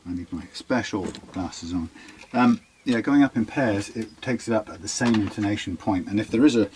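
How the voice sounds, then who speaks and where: A man's voice: fairly low pitch, moderate pace, a little mellow, slight background noise. A man working as a guitar technician, talking himself through a hands-on workshop demonstration in a musing way.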